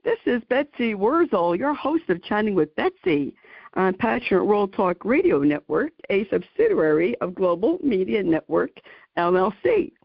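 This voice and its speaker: A woman hosting a radio interview show who talks effusively and emotionally, with halting "uh"s between her words. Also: medium pitch, sing-song, vocal fry, dry recording, muffled recording. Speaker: host.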